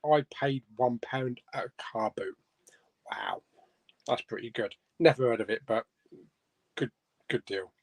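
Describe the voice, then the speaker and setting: A man's voice: medium pitch, measured pace, creaky, long pauses, no room sound. Chatty man hosting a live stream. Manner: chatty, chuckling, reads comments aloud. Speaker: host of a live chat stream. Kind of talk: casual live-stream chat reading viewer comments. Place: home room.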